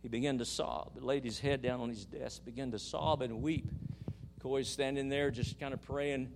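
A man preaching a sermon in church, telling a story and rising into loud, emphatic praise while calling the congregation to respond. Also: mid-range voice, steady tone, normal speed, creaky, noisy background.

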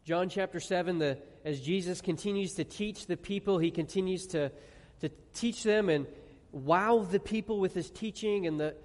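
A man's voice: high-pitched, moderate pace, hardly any pauses. Emphatic preacher man, echoing hall. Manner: emphatic, asks the audience questions, drops to quiet on key words. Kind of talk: sermon. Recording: long reverb of a large hall.

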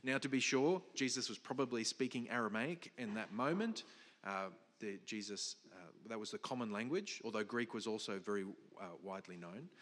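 A man's voice: on the low side, animated, normal speed, a bit bright, big-room sound. A man preaching a sermon, explaining a passage with emphatic stresses, some restarts and fillers. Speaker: pastor.

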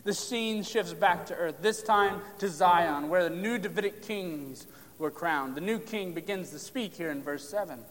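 A man preaching a sermon on a psalm, emphatic, pressing hard on key lines and then dropping to a hush. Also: high voice, moderate pace. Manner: emphatic, drops to hushed tones for stress. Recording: long hall reverb.

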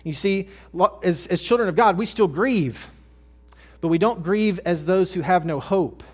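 A young adult male pastor preaching a sermon, earnest, dropping to hushed tones and then rising to loud emphatic lines. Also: sits high, a little slow, slightly rough.

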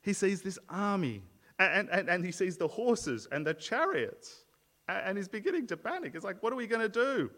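Guy preaching a sermon, kinda high voice, earnest, stumbles and repeats words, big echoey church hall. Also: big pitch swings, normal speed, sharp tone. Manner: earnest, explanatory, frequent word repeats and restarts. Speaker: pastor.

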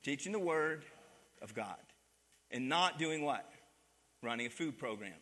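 A man's voice: mid-range voice, expressive, measured pace, a bit bright, in a large hall. A man preaching a sermon as pastor, calling on the congregation to answer back and repeat his words. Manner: call-and-response preaching, asks the congregation to repeat. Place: church sanctuary.

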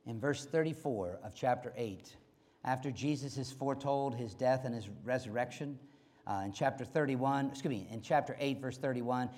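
A man preaching a sermon, stressing lines by repeating them, and swinging from loud to hushed. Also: medium pitch, moderate pace. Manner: emphatic, repeating key phrases, swinging between loud and quiet.

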